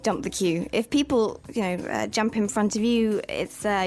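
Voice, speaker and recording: A woman's voice: mid-range voice, normal speed, hardly any pauses. A woman from England with an English accent, chatting politely as a guest with amused hesitation. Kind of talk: casual interview chat.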